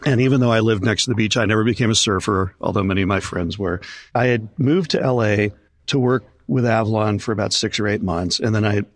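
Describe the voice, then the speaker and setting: A man's voice: on the low side, fast talker. An older man, a concert promoter, telling stories in an interview and acting out the voices of people he quotes. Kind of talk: storytelling in an interview.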